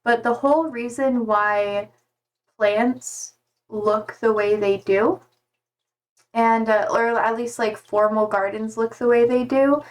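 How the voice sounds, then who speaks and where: Young woman from Germany, German native speaker, unhurried chatty livestreamer with a somewhat high voice. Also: steady tone. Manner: chatty, reads chat messages aloud. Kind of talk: casual chat with viewers.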